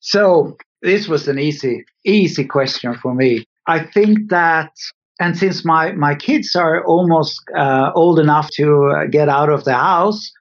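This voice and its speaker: A man's voice: fairly high pitch, measured pace. A middle-aged man with a Scandinavian accent, thoughtfully answering interview questions with some hesitations. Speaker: guest, car designer. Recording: dull lo-fi audio.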